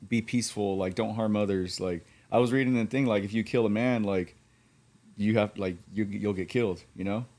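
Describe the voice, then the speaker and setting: A man's voice: fairly low pitch, fairly even intonation, a little fast, darkish tone. A man as a podcast guest, chatting casually and hesitantly, heard a little off-mic. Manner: laid-back, hesitant, full of "like" and "you know". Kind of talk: casual chat.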